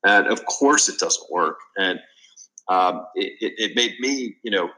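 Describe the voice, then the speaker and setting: A man's voice: sits low, animated, measured pace, pushed and bright, low-quality recording. A man being interviewed on a business podcast, telling stories from his work in an earnest, conversational way. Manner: earnest storytelling with fillers and restarts. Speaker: guest, business consultant. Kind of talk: casual interview.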